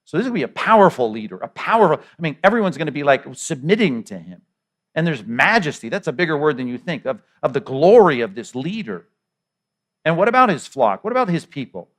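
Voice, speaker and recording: A man's voice: on the high side, sing-song, quick pace. A middle-aged male pastor preaching a sermon in a conversational way, with repeated words and rhetorical questions.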